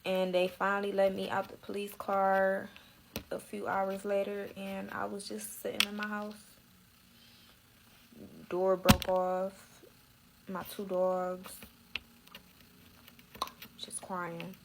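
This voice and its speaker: A woman's voice: mid-range voice, completely flat delivery, takes it slowly, vocal fry, long pauses, background noise. A young woman telling her own story in a slangy, emotional way, close to tears at times. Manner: slangy, tearful, dramatic retelling.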